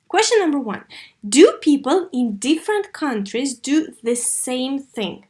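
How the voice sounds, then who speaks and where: A woman teaching English, reading sentences aloud slowly and with expressive intonation for young pupils to repeat. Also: high-pitched. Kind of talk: slow modeled reading for young learners.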